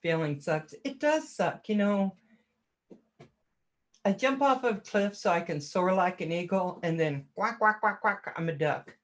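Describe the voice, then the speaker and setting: A woman hosting a relaxed livestream, loose and talkative. She pokes fun at herself and laughs often. She greets her viewers by name as she chats. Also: lowish voice, measured pace. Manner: chatty and self-deprecating, laughs often. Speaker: livestream host reading chat. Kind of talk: casual livestream chat.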